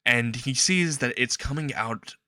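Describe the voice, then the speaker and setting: A man improvising the narration of a fan-fiction story, in a halting, repetitive way with frequent restarts. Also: mid-range voice, sharp tone.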